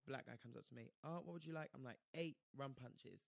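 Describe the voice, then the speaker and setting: A man's voice: mid-range voice, fairly quick, vocal fry, no room sound, clean studio sound. A man telling a story in casual chat, acting out the people he quotes. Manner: animated, acts out quoted voices, slangy.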